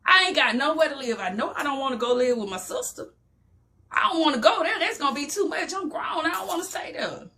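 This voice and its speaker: A middle-aged woman pours out a personal story of hardship in a motivational talk. Her voice is bright and forceful and sits a touch high. She builds her lines like a preacher, repeating phrases as she goes. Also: lively intonation, brisk, slight background noise.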